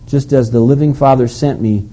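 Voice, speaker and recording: A male preacher reading scripture aloud and breaking off for quiet, earnest asides to his listeners. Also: mid-range voice, normal speed. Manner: reads verses aloud then drops to quiet asides to listeners. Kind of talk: sermon reading and explaining scripture.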